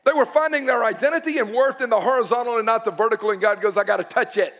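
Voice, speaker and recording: A man's voice: very high voice, racing. Man preaching in a reverberant hall. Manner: dramatic storytelling, swings from hushed to shouting. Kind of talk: sermon. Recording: long reverb of a large hall.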